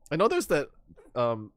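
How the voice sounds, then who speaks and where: A man's voice: a little high, fairly bright tone, dry recording. A man hosting a stream, chatting casually and laughing often between rambling, restarting sentences. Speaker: streamer host. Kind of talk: casual chat.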